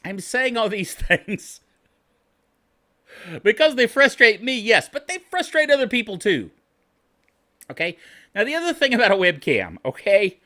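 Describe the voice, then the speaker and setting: A man's voice: high-pitched, huge pitch swings, normal speed, bright, forceful tone. A man hosting a tech tips show, griping like a self-styled curmudgeon, chuckling often and checking in with "okay?". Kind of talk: tech tips talk to camera.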